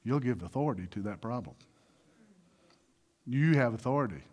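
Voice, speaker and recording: A man's voice: medium pitch, expressive, moderate pace, darkish tone. A man preaching a sermon as a pastor, posing questions to the congregation and rising into emphatic exhortation.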